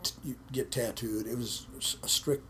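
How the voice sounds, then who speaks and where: A man's voice: mid-range voice, steady tone, normal speed, a bit bright, slight background noise. A man, a martial arts instructor, telling stories in a casual interview, repeating words and acting out quotes. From United States.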